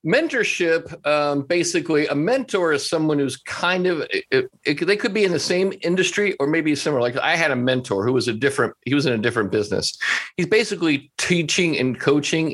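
A slightly higher-pitched man talks as a podcast guest, telling his stories in a relaxed, conversational way. He slips into the voices of the people he quotes, which keeps his delivery animated. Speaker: restaurant coach, guest. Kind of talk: casual interview storytelling.

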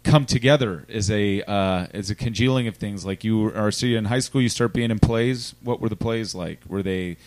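A man hosting a casual interview, asking questions in a relaxed, joking way into a studio microphone. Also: fairly low pitch, moderate pace, few pauses, no room sound. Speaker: podcast host.

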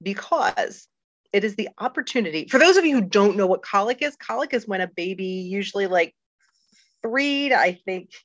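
A woman's voice: mid-range voice, lively intonation, moderate pace, no room sound. A middle-aged woman, a guest on a faith podcast, talking candidly and earnestly with many fillers and restarts. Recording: dull lo-fi dry recording.

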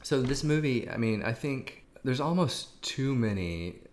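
A man's voice: medium pitch, expressive, a little slow, a little hiss or hum. A man co-hosting a casual movie review chat, thoughtful, with hesitant restarts. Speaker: podcast co-host.

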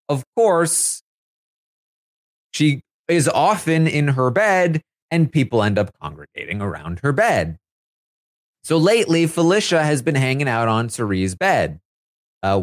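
Young guy recapping a reality show, lots of likes and ums, bouncy pitch, dry sound. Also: dry recording. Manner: chatty, filler-heavy, laughs while talking. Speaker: live feed recap host. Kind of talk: casual recap commentary.

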